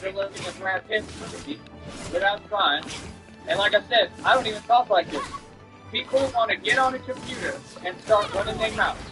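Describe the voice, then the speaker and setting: A man's voice: high-pitched, moderate pace, music in the background, poor audio. A man streaming while he delivers a confrontational, boastful rant at an online critic.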